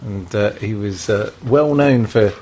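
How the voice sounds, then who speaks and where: A man co-hosting a casual football podcast, relaxed as he reads out the listener plugs. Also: lowish voice, measured pace, a little hiss or hum. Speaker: podcast co-host.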